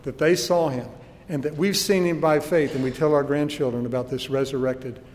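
A man's voice: fairly high pitch, fairly even intonation, moderate pace, a little mellow, in a large hall, slight background noise. A man preaching a sermon with earnest emphasis and rhetorical questions, recorded in a church.

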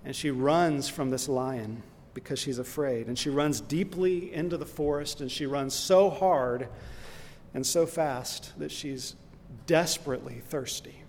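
A male preacher with a mid-range voice who delivers his sermon slowly and earnestly, pressing his points home with emphatic lists. His words ring out with the long reverb of a large hall, over a faint background hiss. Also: medium pitch, a little mellow.

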